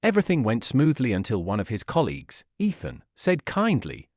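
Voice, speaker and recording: Lively male storybook narrator. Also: medium pitch, no echo, studio quality. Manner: clear, measured reading for learners. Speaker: narrator of a graded reader.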